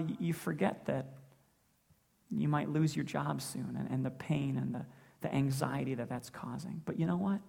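A pastor delivers a sermon with a deeply gravelly, fry-laden voice. He speaks earnestly and drives points home by repeating phrases. His pitch sits in an ordinary middle range. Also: a little mellow. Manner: earnest, builds with repetition.

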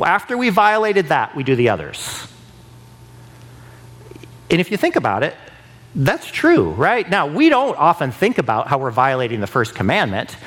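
Male preacher, fairly high voice with big swings in pitch; conversational sermon that jumps into pleading voiced prayers. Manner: animated, acts out prayers in a raised pleading voice; conversational, keeps asking "right?".

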